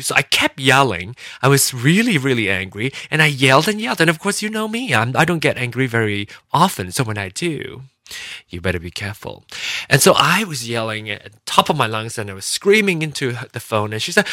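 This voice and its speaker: A man from Taiwan rambles through a casual story on his own, his pitch swinging widely and his tone bright. He talks straight into a home microphone, and the sound is close and dry. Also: sing-song, normal speed, dry recording. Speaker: vlogger. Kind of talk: casual monologue. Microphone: home microphone with compressor.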